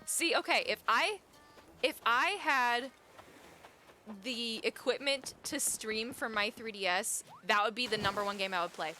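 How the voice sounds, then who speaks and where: A young woman chatting casually with her viewers as a live streamer, chatty and quick to get excited, laughing often. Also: on the high side, soft background music.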